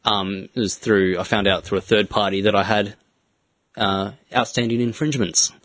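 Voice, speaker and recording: An Australian man with a fairly low voice, talking in casual chat in a steady, matter-of-fact way. He sounds like a co-host who leads into the break. The sound is dry and close, with no room echo. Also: moderate pace. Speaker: podcast co-host.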